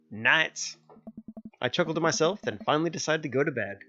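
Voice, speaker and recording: A young man streams a dating game with a slightly high voice, lively intonation and a sharp tone at a moderate pace. He jokes around, narrating the playthrough and slipping into character voices. The lo-fi recording sounds a bit dull, with faint music underneath.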